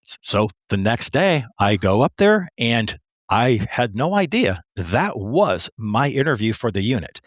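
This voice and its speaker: Man, middle-aged, from Michigan, podcast guest, animated storyteller, mid pitch, dry close sound. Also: unhurried, no room sound, dull audio. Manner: animated, acts out quoted voices. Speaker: podcast guest, retired police pilot. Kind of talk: casual storytelling.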